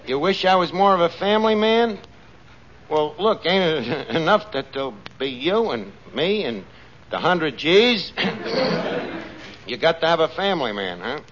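An actor playing a scheming, wisecracking tavern manager in a 1940s radio comedy. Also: male voice, on the high side. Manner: fast-talking, lively wisecracks. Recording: muffled old radio broadcast with hiss.

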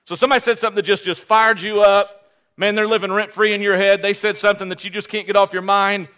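A male pastor preaching a sermon, animated and joking at his own expense, often restarting his phrases. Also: high-pitched. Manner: animated, joking, self-deprecating, with quick restarts.

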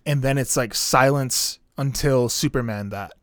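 A man's voice: mid-range voice, a little slow, no room sound, clean studio sound. A man co-hosting a casual podcast, talking through an album track by track with lots of "like" fillers. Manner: relaxed, rambling, many "like" fillers. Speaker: podcast co-host reviewing an album. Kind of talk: casual chat.

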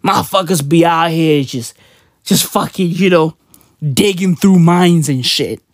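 A woman with a South African accent rants casually on her vlog, swearing heavily and using lots of slang. Her voice is low and unhurried, recorded at studio quality with no echo.

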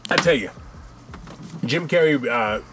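A man's voice: mid-range voice, a little slow, background noise. A man co-hosting a podcast, joking around and swearing freely in casual chat. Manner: profane, joking, animated. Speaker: podcast co-host.

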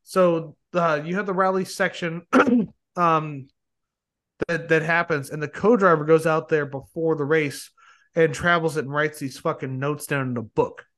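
A young man hosting a podcast, chatting casually in a rambling, excited way with plenty of swearing. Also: on the high side, measured pace. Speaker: podcast host. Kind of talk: casual chat.

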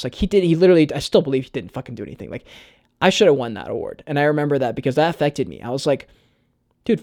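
An earnest young man talks to his viewers in a loose vlog monologue. He leans on "like" and casual swearing. His voice sits a little high and sounds close and dry. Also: dry recording. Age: young adult. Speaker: YouTuber.

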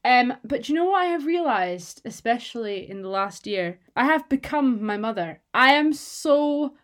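A young woman from the UK co-hosting a casual chat, talking fast with lots of "like" fillers and the odd swear. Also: fairly high pitch, expressive. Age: young adult. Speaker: podcast co-host.

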